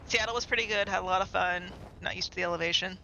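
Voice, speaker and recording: A man's voice: sits high, steady tone, quick pace, pushed and bright, lo-fi sound, slight background noise. A man streaming a game live, chatting casually and rambling to himself and his chat. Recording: game music clearly behind.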